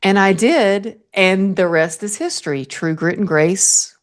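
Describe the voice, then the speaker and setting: A woman hosting a podcast interview, telling a story in an earnest, animated way and laughing often. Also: mid-range voice, unhurried. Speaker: podcast host.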